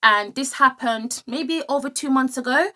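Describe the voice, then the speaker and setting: A woman's voice: high voice, moderate pace, pushed and bright. A young woman reviewing perfumes in a gushing, enthusiastic vlog style. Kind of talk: casual product review vlog.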